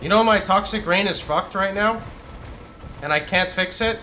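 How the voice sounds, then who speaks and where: A man streams a game and talks his way through it, yelling out moves and swearing as things happen. His voice sits a little high and sounds bright and forceful. A studio condenser mic keeps it close and clear. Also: moderate pace, faint music behind. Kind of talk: live gameplay commentary. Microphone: studio condenser microphone.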